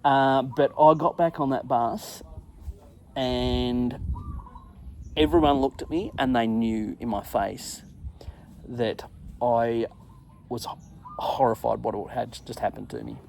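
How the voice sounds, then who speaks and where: A middle-aged man hosting his own show, telling a crude, self-mocking travel story in a casual monologue and acting out his own shouts. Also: medium pitch, steady tone, slow pace, creaky, long pauses, a little hiss or hum. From England. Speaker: podcast host.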